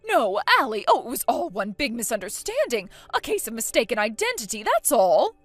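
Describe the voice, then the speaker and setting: Woman voicing a bossy older grandma, loud and haughty, lively high swoops, faint music under. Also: fairly quick. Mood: defensive. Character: bossy older mother-in-law, loud and self-righteous.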